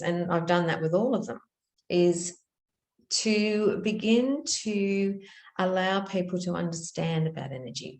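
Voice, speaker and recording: A middle-aged woman with a low voice teaches in a gentle, earnest way. She tells stories with soft restarts. The voice rings a little in a reverberant room. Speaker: spiritual teacher. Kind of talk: reflective spoken teaching.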